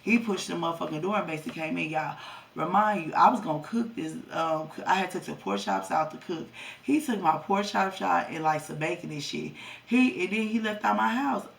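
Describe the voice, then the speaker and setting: Young woman vlogger with a gravelly, creaky voice, blunt and profane, speaking a bit off-mic. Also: on the low side, a little fast, far from the mic. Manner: profane, blunt storytelling, talks to viewers as y'all. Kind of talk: storytime vlog.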